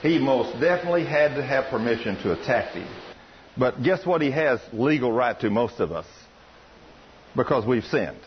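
A man preaching a sermon in a folksy, animated storytelling way, his voice rising high when he quotes others. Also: normal speed, highs cut off, a little hiss or hum.

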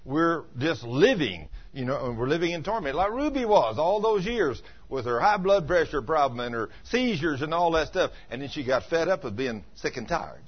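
A male pastor telling stories in an animated sermon, dropping to quiet asides and rising to loud emphatic peaks. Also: fairly high pitch, normal speed, hardly any pauses, slightly rough. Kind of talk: storytelling sermon. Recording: dull lo-fi sermon recording.

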